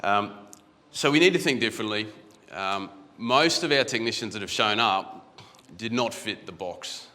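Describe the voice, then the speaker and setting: A man's voice: lowish voice, lively intonation, moderate pace, hardly any pauses, bright, forceful tone. A man with an Australian accent giving a casual, anecdotal conference talk from a stage, often restarting his phrases. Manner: conversational, anecdotal, repeats words when restarting. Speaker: conference guest speaker. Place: large conference hall. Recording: echoey conference hall.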